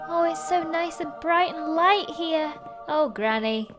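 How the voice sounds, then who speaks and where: Excitable high-voiced woman gaming. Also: moderate pace, faint music behind. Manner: excitable, gasping, chatty. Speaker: gaming video host. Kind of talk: let's play commentary.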